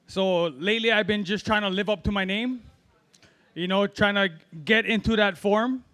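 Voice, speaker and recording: A middle-aged man from Hawaii doing an open-mic stand-up set, rambling through stories with lots of fillers and pauses. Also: high voice, steady tone, fairly bright tone, clean tone. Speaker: amateur stand-up comic.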